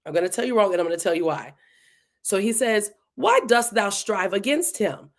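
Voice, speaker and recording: A woman teaching a verse-by-verse Bible study in a casual, animated way, acting out the lines of the people in the passage. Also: medium pitch, normal speed. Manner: casual, animated, acts out dialogue between speakers.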